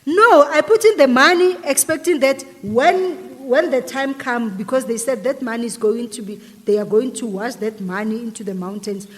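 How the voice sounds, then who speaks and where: A woman's voice: on the high side, normal speed, few pauses, long reverb tail. A woman guest animatedly retelling a personal story in an interview, acting out the dialogue. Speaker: guest telling her story.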